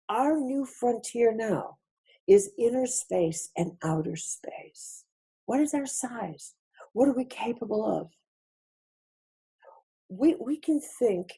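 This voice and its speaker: A woman's voice: mid-range voice, dark tone, husky. A woman giving a spiritual lecture over a webinar, reflective, repeating phrases for emphasis. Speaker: featured speaker.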